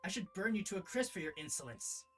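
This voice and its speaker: A man's voice: high-pitched, very animated, fast, pitched above the performer's own voice. A man voicing an imperious, scolding ancient fire goddess and grandmother, with formal, grandiose speech, over faint music. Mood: haughty.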